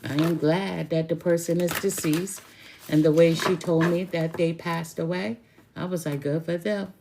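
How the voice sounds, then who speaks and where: A woman's voice: on the low side, level tone, moderate pace, creaky, noisy background. A middle-aged woman tarot reader chatting casually and bluntly with viewers, with laughing asides. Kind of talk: casual spiritual chat to viewers.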